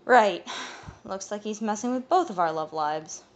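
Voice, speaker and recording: A woman's voice: mid-range voice, lively intonation, a little slow, lo-fi sound, natural voice. A woman reading the lines of a wry, curious fae king in an audiobook.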